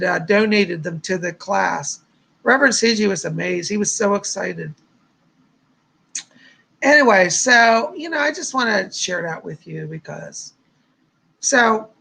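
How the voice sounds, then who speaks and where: A man's voice: sits high, creaky, pushed and bright, breathy edge, low-quality recording. A man, hosting a psychic livestream in a rambling, chatty way with lots of fillers. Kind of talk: casual livestream chat.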